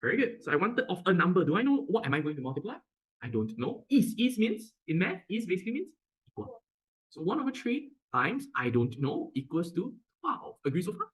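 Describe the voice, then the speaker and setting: A man's voice: sits high, huge pitch swings, a little fast, poor audio. A male math tutor with a Singaporean English accent who teaches animatedly and keeps asking if the class understands.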